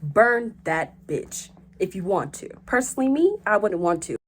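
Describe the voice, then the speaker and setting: A young woman hosting a vlog in casual chat, animated and joking, with frequent swearing. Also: mid-range voice, normal speed, slight background noise. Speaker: host.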